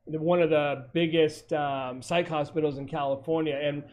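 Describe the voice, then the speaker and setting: A man's voice: fairly high pitch, fairly even intonation, normal speed, a little mellow, muffled recording. A man who investigates hauntings, telling stories on a video call in a rambling way, with many fillers and corrections. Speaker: paranormal investigator. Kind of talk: casual storytelling over a video call.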